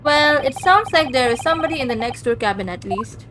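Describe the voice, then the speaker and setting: A woman's voice: sits high, lively intonation, brisk, background noise. Playful woman reading a game aloud. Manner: playful, chatty asides. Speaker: gamer playing a visual novel. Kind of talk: casual let's-play commentary and reading aloud.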